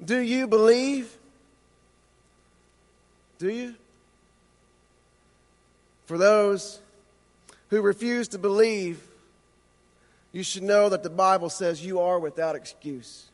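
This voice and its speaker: A man preaching a sermon with impassioned rhetorical questions, slowing down for emphasis. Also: high voice, a little mellow, big-room sound. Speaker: pastor.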